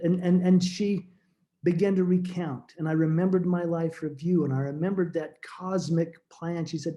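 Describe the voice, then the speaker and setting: Speaking as a podcast guest, a middle-aged man relates a very personal story, earnest and hesitant, often beginning his words again. His tone stays steady and warm.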